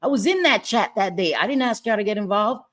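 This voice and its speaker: A woman's voice: medium pitch, expressive, brisk, fairly bright tone. A middle-aged woman hosting a livestream, angry and profane, repeating herself as she talks to her chat. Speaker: livestream host. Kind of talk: heated livestream rant. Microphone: webcam or phone.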